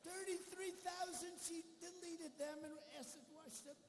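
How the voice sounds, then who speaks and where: A man's voice: very high voice, steady tone, unhurried, soft background music. A man giving a rambling, boastful rally speech with mocking asides to a large arena crowd. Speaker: political speaker at a campaign rally. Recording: echoey arena hall with faint crowd ambience.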